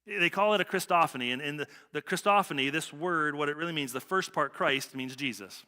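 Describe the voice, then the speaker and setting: A man's voice: on the high side, fairly quick, pushed and bright. A man preaching a sermon as pastor, talking casually and conversationally and tagging lines with "right?". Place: church sanctuary. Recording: church hall reverb.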